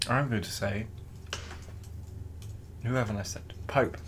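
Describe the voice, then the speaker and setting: A man co-hosting a casual comedy podcast, thinking out loud with lots of hesitant restarts. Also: fairly low pitch, a little slow, noisy background. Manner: rambling, hesitant, restarts often. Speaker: podcast co-host.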